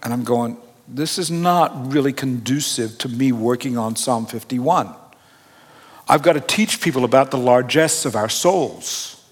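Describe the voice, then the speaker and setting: A middle-aged pastor with a medium-pitched voice speaks a little slowly as he preaches. He tells a personal story in a conversational, self-deprecating way, and the recording carries a long hall reverb.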